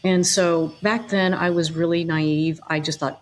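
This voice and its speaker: A middle-aged woman talks through her own story as a podcast guest. Her voice sits somewhat low, and her delivery is conversational, full of fillers and small restarts. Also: steady tone, unhurried. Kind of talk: personal storytelling in interview.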